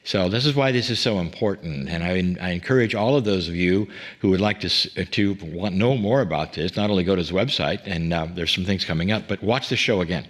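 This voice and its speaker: Deep-voiced man hosting an earnest interview. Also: fairly quick, hardly any pauses. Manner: earnest, with fillers and restarts. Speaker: host. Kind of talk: interview talk.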